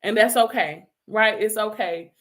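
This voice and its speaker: A middle-aged life coach gives a forceful motivational talk in a bit bright, mid-range voice at a measured pace. She keeps repeating her calls to action and now and then dissolves into laughter, teasing herself.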